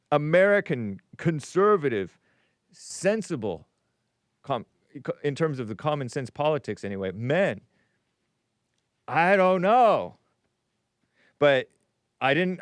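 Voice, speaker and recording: On his call-in show, a male podcast host reads messages from viewers and wanders off on animated tangents, frequently breaking off mid-thought to restart. His medium-pitched voice keeps a measured pace. There's no room sound in this casual super-chat monologue.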